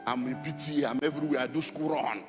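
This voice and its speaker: Pastor man, middle-aged, emphatic sermon with loud bursts, faint music behind. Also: fairly high pitch, fairly even intonation, quick pace. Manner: emphatic, repetitive preaching with sudden loud outbursts. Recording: long hall reverb with faint music.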